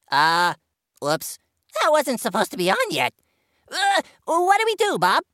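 A silly, cheerful cartoon cucumber fellow, as a voice actor plays him, with a high voice that leaps all over the place. He drawls his words slowly and teases with a giggle, hosting a kids' podcast with music playing behind. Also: wildly swooping pitch, fairly bright tone, no room sound, clean studio sound, exaggerated voice. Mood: playful. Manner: jokey, teasing, giggly. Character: goofy cheerful male cucumber, playful and silly. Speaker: co-host.

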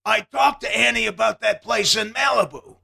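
A man doing a gushing, excitable older comedian. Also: high-pitched, creaky, breathy edge, voice pushed up, full character voice. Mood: excited. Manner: loud, gushing, rapid-fire.

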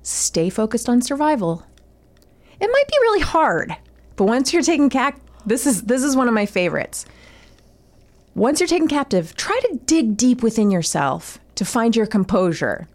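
A woman's voice: on the high side, normal speed. A woman co-hosting a casual comedy chat, reading lines from a guide aloud and riffing on them with giggles. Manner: animated, giggly, reads lines then riffs on them. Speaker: podcast co-host.

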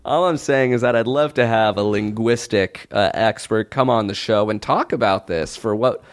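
A man's voice: lowish voice, normal speed, no room sound, clean studio sound. A man co-hosting a comedy podcast in casual chat, rambling and laughing often as he reads out ads and show news. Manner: laughs often, rambling, mock-exasperated riffs. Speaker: podcast co-host.

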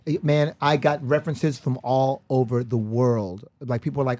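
A man from the United States, a guest in a casual interview, telling lively stories and acting out the voices of the people in them. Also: medium pitch, quick pace, hardly any pauses, no echo. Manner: animated storyteller who acts out voices.

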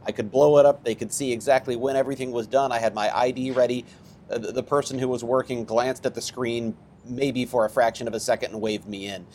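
A man's voice: medium pitch, steady tone, a little fast, darkish tone, slight background noise. A male co-host talking conversationally, rambling and restarting phrases. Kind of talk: casual news discussion.

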